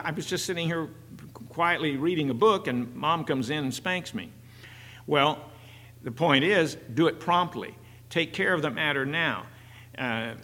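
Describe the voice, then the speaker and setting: Male preacher, mid-pitched, earnest and halting, heard with a long hall reverb. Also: a bit bright. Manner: earnest, halting with frequent fillers. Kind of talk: sermon.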